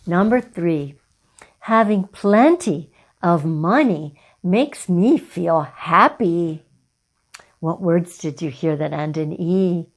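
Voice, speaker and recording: A middle-aged woman teaching a children's phonics lesson, talking slowly and clearly and praising the children often. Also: lowish voice, animated. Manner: encouraging, slow and clear, with drawn-out words for children.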